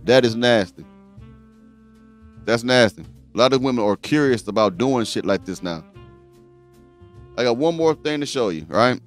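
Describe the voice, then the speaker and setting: Male host doing reaction commentary, blunt and preachy, mid-pitched voice. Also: animated, moderate pace, pauses often, faint music behind.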